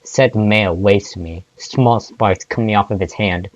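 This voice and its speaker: A man's voice: lowish voice, a little slow, no room sound, muffled recording. A man reading fan fiction aloud, often stumbling and restarting words. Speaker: fanfic reader.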